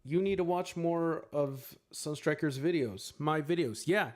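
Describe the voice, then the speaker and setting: Speaking in a fairly high voice at a measured pace, a livestreamer responds to chat in a rambling, filler-heavy way. He's playful and quick to crack jokes at his own expense.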